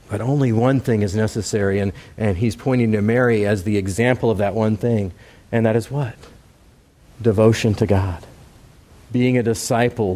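A male preacher with a mid-range voice gives a relaxed, conversational sermon. He asks his listeners questions and talks to them in a direct, casual way. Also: mid-range voice.

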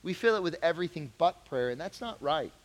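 A man teaching a youth group Bible lesson as a youth pastor, conversational and animated, rising to emphatic questions. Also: fairly high pitch, quick pace, big-room sound.

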